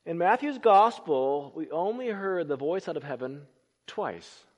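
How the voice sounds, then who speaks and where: A man preaching a sermon, swinging between loud emphatic lines and hushed, low phrases. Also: lively intonation, unhurried. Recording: long reverb of a large hall.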